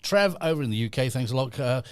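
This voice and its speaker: A man's voice: medium pitch, lively intonation, fast talker, clear, resonant tone, no echo. Chatty man hosting a live podcast. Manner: chatty, reads out messages and greets viewers. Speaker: podcast host. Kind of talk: casual live-stream chat. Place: podcast studio.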